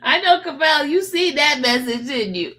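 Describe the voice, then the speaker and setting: A woman chats loosely on her own livestream, talking to viewers by name and laughing between remarks. Her voice sits high and jumps around widely in pitch. Now and then she lets out long sighs and yawns. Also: normal speed. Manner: animated, joking, laughs often, talks to chat by name. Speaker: livestream host. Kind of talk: casual live-stream chat, reading viewer comments.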